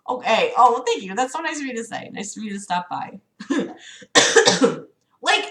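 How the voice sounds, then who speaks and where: A woman's voice: medium pitch, expressive, moderate pace, long pauses, fairly bright tone. A young woman livestreaming, reading a novel aloud and breaking off into sarcastic, swearing commentary. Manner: sarcastic, swearing, exasperated asides. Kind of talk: casual read-aloud with commentary. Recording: roomy echo.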